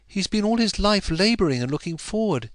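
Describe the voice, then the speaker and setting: A man's voice: high-pitched, animated, a little fast, no room sound, voice pushed up. A man voicing an earnest young wife in a storybook reading, pleading for advice.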